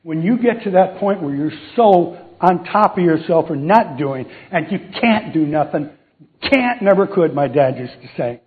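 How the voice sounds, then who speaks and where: A man's voice: a little high, animated, normal speed. A man preaching a casual sermon, telling a Bible story, acting out the voices and joking with the audience. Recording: tinny phone-like sound.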